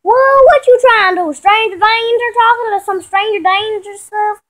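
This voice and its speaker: A woman voicing a teasing sister in a home-told story, loud and mocking. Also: sits high, expressive, normal speed. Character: excitable teasing sister, girl or young woman.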